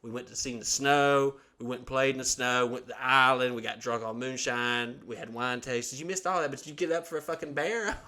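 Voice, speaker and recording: A man's voice: mid-range voice, a little fast, hardly any pauses. A man, from Alabama, hosting a podcast and telling a long story in a casual, profane way, acting out the voices of the people in it. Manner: profane, animated storyteller who acts out quotes. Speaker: podcast host.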